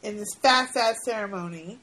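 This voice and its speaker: A woman's voice: mid-range voice, moderate pace, fairly bright tone, poor audio. A woman co-hosting a podcast, casually recapping a movie, often laughing and asking questions. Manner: laughing, playful, asks questions. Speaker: podcast co-host.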